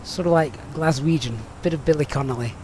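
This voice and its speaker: A man's voice: a little high, fairly quick, darkish tone, slight background noise. A man with a Yorkshire accent chatting and joking with viewers while flying a simulator on a live stream. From Sheffield, England. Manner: chatty, jokey, reads out viewer messages. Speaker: flight sim streamer.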